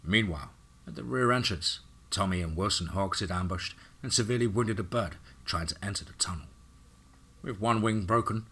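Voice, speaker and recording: A man's voice: deep voice, bright, forceful tone, slightly rough. A man narrating a scripted action horror story in a dramatic reading.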